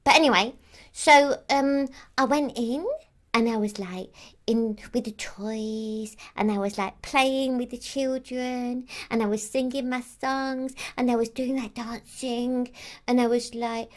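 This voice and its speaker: A woman's voice: on the high side, steady tone, a little slow, close to an everyday voice. A woman playing a childlike female Christmas elf who rambles on with lots of "like" and "um". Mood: rambling. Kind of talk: character monologue to camera.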